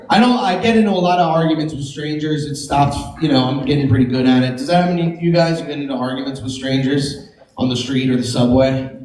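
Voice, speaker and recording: A woman's voice: extremely low pitch, normal speed, darkish tone, echoey room. A woman performing a stand-up comedy set on a comedy club stage, brash and profane, laughing through her own punchlines.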